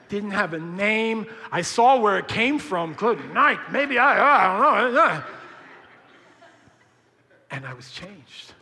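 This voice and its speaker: Emphatic male preacher, high-pitched and bright, casual slangy delivery, reverberant church hall. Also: a little hiss or hum. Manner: emphatic, swings between hushed and shouting; conversational, uses slang. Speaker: pastor. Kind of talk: sermon.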